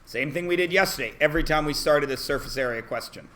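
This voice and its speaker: A man's voice: on the high side, fast, a bit bright, slight background noise. A man teaching a math class, asking the students questions and often answering them himself. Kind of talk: classroom lesson.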